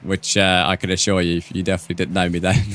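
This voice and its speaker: A man's voice: low voice, level tone, fast talker, a bit bright. A man streaming a game, chatting casually with viewers and calling them "mate". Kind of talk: casual live-stream chat.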